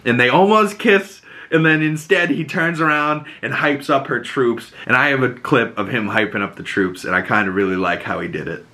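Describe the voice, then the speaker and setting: A man hosting a podcast, casually recapping a TV episode in an excitable, rambling way, full of "like" and swear words. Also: mid-range voice, normal speed, few pauses. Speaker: podcast host.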